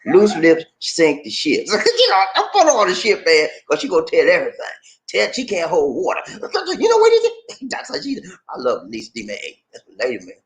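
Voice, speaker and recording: A man from Charleston, South Carolina, with a Gullah Geechee accent, chatting casually to camera in an animated, laughing way, full of slang like "man" and "baby". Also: a little high, brisk. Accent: Gullah Geechee, South Carolina Lowcountry. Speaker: vlogger. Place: Philippines.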